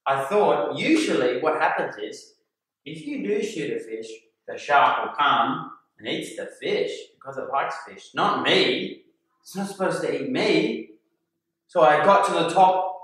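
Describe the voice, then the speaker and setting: A man's voice: on the high side, normal speed. A man, a kindergarten teacher telling a story to young children and acting out gasps and voices. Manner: animated, acts out voices and gasps. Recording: echoey room from far off.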